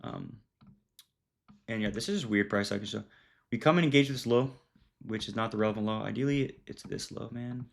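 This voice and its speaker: Gravelly young man chatting about trading. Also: on the low side, brisk, pauses often. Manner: loose, filler-heavy, says "dude" and "bro". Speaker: trading educator. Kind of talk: casual screen-share trading recap.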